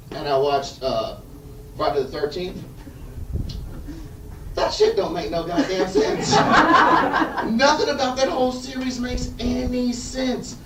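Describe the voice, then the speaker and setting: A man's voice: high-pitched, a little hiss or hum. A man doing a loose, profane stand-up comedy set at a backyard show, with the audience laughing. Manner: loose, profane, riffing storyteller. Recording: roomy, distant live recording.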